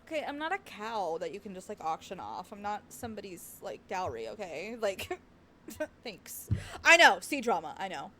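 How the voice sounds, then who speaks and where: A young woman giving casual, laughing reaction commentary on a game, animated and self-mocking. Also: medium pitch, normal speed, a little hiss or hum. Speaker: game streamer.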